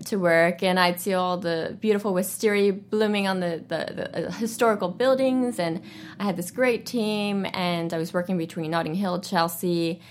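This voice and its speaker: A woman in her thirties tells her story as a radio interview guest. She talks in a lively, animated way with a slightly low voice. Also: normal speed. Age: 30s.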